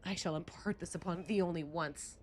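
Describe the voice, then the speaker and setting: A woman's voice: lowish voice, brisk, faint music behind, lightly acted. A woman voicing a pompous masked vampire prince. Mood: haughty. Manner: archaic, grandiose speech with thee and thou. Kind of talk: game dialogue read aloud on stream.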